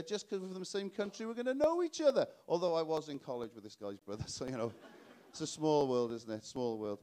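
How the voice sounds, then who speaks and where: South Welsh male comic, live stand-up, self-mocking and punchy, voice sits a bit high. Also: expressive, brisk, mellow. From South Wales. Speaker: stand-up comedian. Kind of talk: stand-up comedy set. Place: live stage before an audience.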